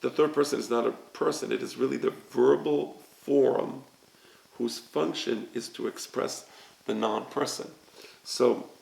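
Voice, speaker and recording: A man teaching a recorded lesson, explaining slowly and often checking with "right?". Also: medium pitch, steady tone, gravelly, darkish tone, roomy sound, rough recording. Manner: slow, explanatory, repeats "right?" to check understanding. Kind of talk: recorded lecture on grammar.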